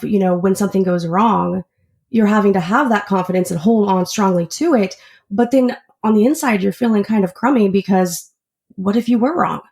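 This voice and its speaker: Female guest with a strong gravelly edge at mid pitch, earnest and chatty, explains things in detail. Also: darkish tone. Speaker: auto shop service advisor. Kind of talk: casual interview chat.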